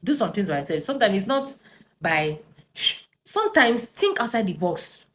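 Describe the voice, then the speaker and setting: A woman tells a personal story to camera in an animated way, with tag questions and fillers. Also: mid-range voice, normal speed.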